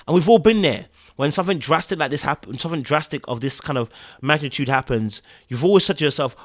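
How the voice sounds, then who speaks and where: Animated man recapping TV. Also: medium pitch, fast talker, no room sound, studio quality. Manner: animated, repeats phrases for emphasis. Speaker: TV recap podcast host. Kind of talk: casual recap commentary.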